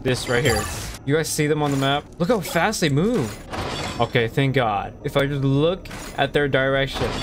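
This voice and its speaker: A young male gamer narrating a horror game, easily spooked and talking straight to his viewers. His voice sits at an ordinary pitch. Loud game music plays behind him. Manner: jumpy, easily scared, talks to viewers. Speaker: gaming video host. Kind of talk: let's play commentary.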